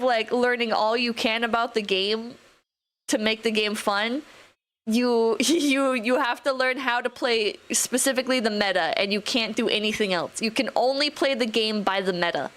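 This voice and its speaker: A woman's voice: on the high side, moderate pace, a bit bright. A young adult woman streaming live, rambling casually, swearing now and then, and reading out chat messages.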